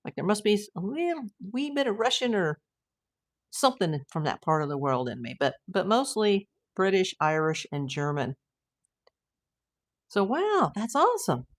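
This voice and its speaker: A sing-song, mid-range voice belongs to an older American woman hosting an informal livestream. Chatting away and reading messages from her viewers, she exclaims frequently and is quick with a "wow."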